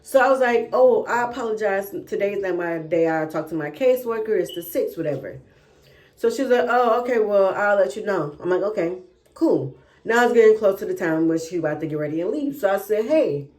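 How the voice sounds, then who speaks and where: A woman's voice: mid-range voice, animated, normal speed, a little mellow. A young woman telling a personal story in a casual, chatty way, often checking in with "right?" and "y'all". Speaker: vlogger.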